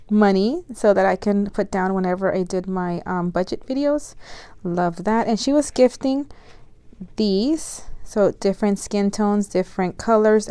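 A young adult woman vlogger chatting casually as she unboxes mail, gushing and excitable with frequent gasps. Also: mid-range voice, smooth, dry recording.

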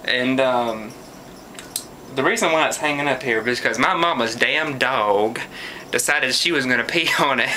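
A man's voice: mid-range voice, moderate pace, pushed and bright, a little hiss or hum. A young man, telling a story in a sarcastic, profane vlog rant. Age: young adult. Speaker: vlogger.

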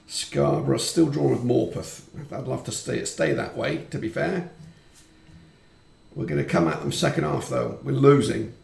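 A man commentating on his football management game, chatty and quick to swear when frustrated. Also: medium pitch, vocal fry, darkish tone, echoey room. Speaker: gaming YouTuber. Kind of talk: let's-play commentary.

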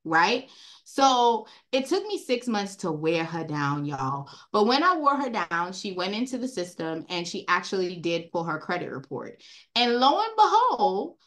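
A woman with a Caribbean accent, raised in Brooklyn, hosting an online training session over a video call in a chatty, animated way and calling her audience y'all. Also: fairly low pitch, moderate pace. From Caribbean, grew up in Brooklyn. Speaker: credit repair trainer hosting a group call.

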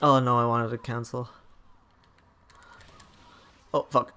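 A young man commentating his own online match, swearing and yelling in angry outbursts at his opponent. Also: medium pitch, level tone, slow pace, clear, resonant tone. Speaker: gaming YouTuber. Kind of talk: live gameplay commentary.

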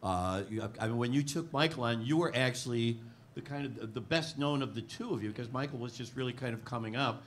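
A man's voice: mid-range voice, fairly quick, fairly bright tone. A man asks casual questions at a live tavern talk and often trails off with fillers. His voice sits in a middle range. A faint hiss runs under the recording. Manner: hesitant, many uh fillers. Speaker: interviewer.

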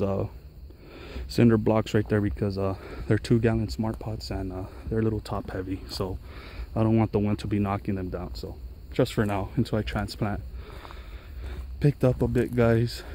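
A man's voice: lowish voice, level tone, normal speed, mellow, slight background noise. A man giving an enthusiastic, chatty outdoor tour of his pepper garden for viewers. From Los Angeles area. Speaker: gardening vlogger. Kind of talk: casual garden walkthrough vlog. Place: outdoors on a mountain trail garden.

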